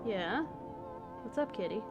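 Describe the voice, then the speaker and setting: A woman streams a game from her home setup and talks in a loose, rambling way, muttering to herself and swearing now and then. Her voice sits at an ordinary middle pitch. Game music plays clearly behind her. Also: lively intonation, measured pace, muffled recording. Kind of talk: casual live gameplay chatter.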